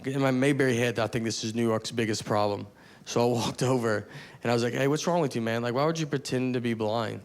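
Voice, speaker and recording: Deadpan man doing stand-up. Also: mid-range voice, quick pace. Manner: deadpan, understated, rambling asides. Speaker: stand-up comedian. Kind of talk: stand-up storytelling. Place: comedy stage before a live audience. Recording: live audience murmur and faint noise. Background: audience laughter.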